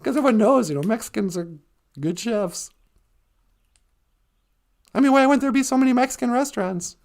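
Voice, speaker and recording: A woman's voice: on the high side, expressive, normal speed, darkish tone. A woman from northern Minnesota, hosting a casual live stream, chatty and teasing with frequent laughter.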